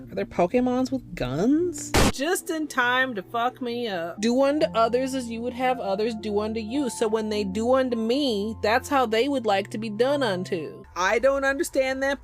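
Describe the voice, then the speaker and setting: A woman streamer rambles through casual livestream chat in a silly, crude and playful way. Her voice sits fairly high and bounces widely in pitch. Music plays under her talk.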